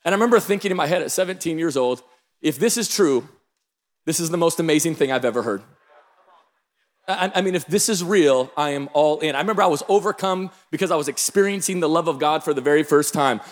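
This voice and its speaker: A pastor from the Pacific Northwest preaching a sermon, telling stories with bursts of shouting. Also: male voice, fairly high pitch, quick pace. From Pacific Northwest, Tacoma, Washington. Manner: energetic storytelling, bursts of shouting. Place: large church hall. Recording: long hall reverb.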